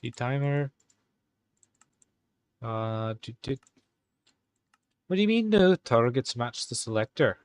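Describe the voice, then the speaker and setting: A man hosting a live stream, talking casually and halting as he types commands. He mutters to himself and corrects himself, all in an exaggerated put-on Irish accent. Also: mid-range voice, very animated, clean tone, dry recording. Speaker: live-stream host coding game commands. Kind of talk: casual live-stream commentary while typing.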